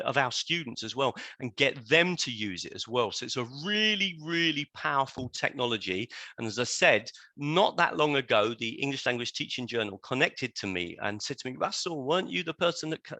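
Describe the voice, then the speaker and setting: A man's voice: mid-range voice, pushed and bright, no echo. A man giving a live online webinar to teachers, talking them through examples while screen sharing.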